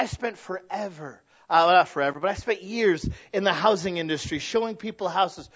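A male pastor with a high voice delivers a sermon. He swings from quiet, intimate asides to loud, stretched-out proclamations. The sound is dull and lo-fi. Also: brisk, hardly any pauses. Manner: dynamic preaching, swinging from hushed to loud and drawn out.

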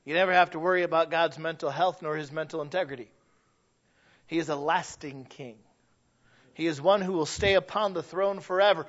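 A pastor preaches in a high-pitched voice, moving between easy conversation and emphatic points. He often restarts his sentences. The recording sounds dull and lo-fi. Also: fairly bright tone. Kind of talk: sermon.

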